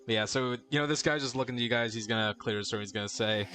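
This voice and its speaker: A man's voice: mid-range voice, fast talker, few pauses, sharp tone, soft background music. A man running a tabletop game as game master, narrating casually, laughing at himself and swearing.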